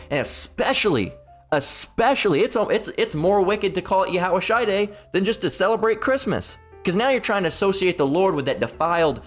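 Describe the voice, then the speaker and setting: A man's voice: on the high side, fairly bright tone. A man hosting a religious commentary video, ranting heatedly and repetitively, swearing and reading passages aloud.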